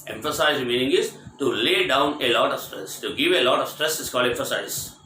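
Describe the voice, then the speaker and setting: A man teaching English vocabulary, spelling words out letter by letter, explaining each meaning and repeating it, asking if it is clear. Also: medium pitch, expressive, brisk, bright, forceful tone, soft background music. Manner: repetitive, explanatory. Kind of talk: vocabulary lesson. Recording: echoey room with faint ambient noise.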